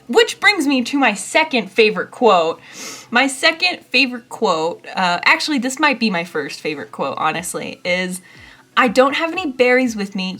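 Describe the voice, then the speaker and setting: A young woman chatting casually as she reviews a book, rambling a bit and filling her pauses with ums. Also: mid-range voice, a bit bright. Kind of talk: casual chat.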